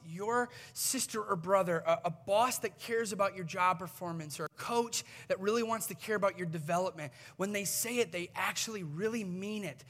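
A man delivers a sermon in a bright, fairly high voice that carries easily. He tells the story and acts out its voices. His words ring through a long, echoing church hall. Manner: storytelling preacher, acts out quoted voices, builds to a forceful climax. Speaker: pastor.

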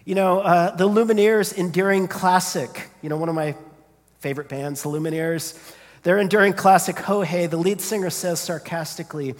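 A man's voice: high voice, fairly even intonation, moderate pace. A man preaching a sermon, earnest and searching, often repeating his opening words as he builds a point. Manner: earnest, repeats words when starting sentences. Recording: long hall reverb.

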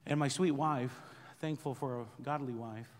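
A middle-aged man preaching as a pastor, telling a personal testimony in an animated, self-mocking way with frequent laughter. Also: mid-range voice, moderate pace, in a large hall. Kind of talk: sermon testimony storytelling.

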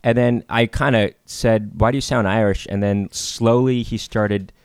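A musician guest with a very low voice chats on a podcast. He tells wry anecdotes and slips into mocking voices. The recording is dry and close. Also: steady tone, normal speed, a little mellow, clear, resonant tone, no room sound. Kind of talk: casual podcast chat.

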